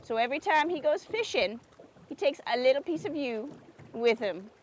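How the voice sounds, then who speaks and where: Actress as a perky craft-show host, high, folksy and sugary; outdoors by a lake. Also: female voice, animated, moderate pace, a little hiss or hum, rough recording. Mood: cheery. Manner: chirpy, folksy and sugary, keeps asking "isn't that sweet". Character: perky, oblivious small-town woman who hosts a craft show. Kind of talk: comedic public-access TV hosting.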